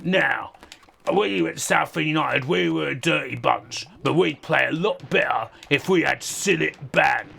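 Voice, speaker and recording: A woman putting on the voice of a crude, boastful middle-aged male football manager, with a swaggering, sweary sales pitch. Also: unhurried, vocal fry, fairly bright tone, breathy edge, heavily acted. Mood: brash.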